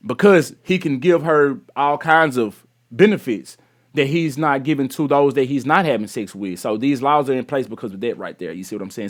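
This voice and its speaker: A man from Texas talks through a news story in a loose, chatty way, full of slang and asides to his viewers. His voice sits a little high for a man. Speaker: YouTube news commentator. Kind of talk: casual commentary on a news clip.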